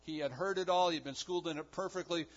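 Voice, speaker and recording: A man's voice: a little high, fast talker. A man preaching a sermon, building emphasis with repeated phrases. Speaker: pastor. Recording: dull lo-fi recording.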